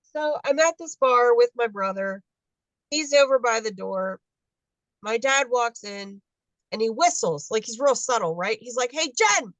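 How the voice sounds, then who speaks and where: A woman's voice: on the high side, unhurried, dry recording, rough recording. Woman storytelling on a video call. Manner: animated, acts out dialogue in quotes. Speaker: guest adoptee.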